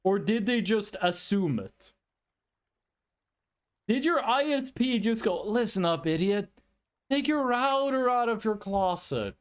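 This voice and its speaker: A young man from Norway, chatting casually on a livestream and rambling through anecdotes. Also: sits high. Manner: rambling storyteller, chatty and animated. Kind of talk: casual chat with chat.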